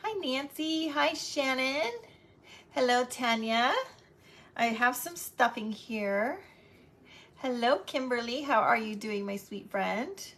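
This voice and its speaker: Bubbly high-voiced woman hosting a craft livestream. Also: slow, fairly bright tone. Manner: bubbly, greets viewers by name, chatty asides. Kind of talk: chatty live craft stream, greeting viewers.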